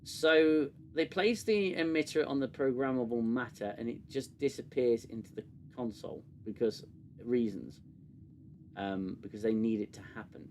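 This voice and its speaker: A man's voice: mid-range voice, moderate pace, a little hiss or hum. A man hosting a casual review livestream, sarcastic and rambling with many fillers. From United Kingdom. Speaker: show host.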